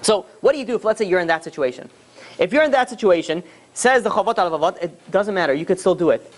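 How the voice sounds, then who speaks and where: Male rabbi, rapid emphatic sermon delivery, animated storyteller. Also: sits high.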